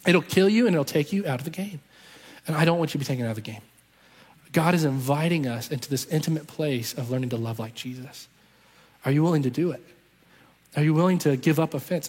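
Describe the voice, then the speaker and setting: A man with a slightly high, breathy voice preaches a fervent sermon. He tells his story with passion and repeats lines for emphasis. The sound carries a long, lingering hall reverb. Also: darkish tone. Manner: impassioned storytelling with emphatic repetition.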